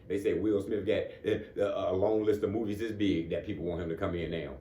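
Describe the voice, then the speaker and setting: A man with a low, steady, mellow voice talks briskly, with a faint hiss or hum underneath. He gives a casual motivational talk in a conversational way, repeatedly asking "you know what I'm saying" and chuckling between points. The room he's in is echoey.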